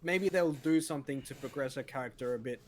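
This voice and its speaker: A man's voice: medium pitch, fast, a little hiss or hum. A man as a guest in a casual chat, loose and filler-heavy, quoting characters as he talks.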